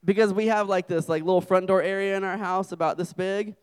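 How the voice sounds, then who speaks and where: A man's voice: high-pitched, steady tone, a little fast, clean tone. A young adult man preaching a humorous sermon to a campus group, telling self-deprecating stories as a father. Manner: joking, self-deprecating storyteller.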